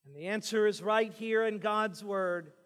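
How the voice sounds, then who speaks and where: A man preaching a sermon, pleading with his listeners and swinging between hushed lines and shouted ones. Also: high-pitched, a little slow, clean tone, long reverb tail.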